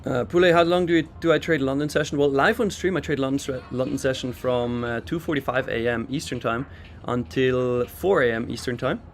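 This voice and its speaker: A man raised in Switzerland hosts a live trading stream from London, where he's attending a trading expo. He talks fairly quickly at medium pitch with hardly any pauses, giving casual market commentary and answering viewer chat over slight background noise.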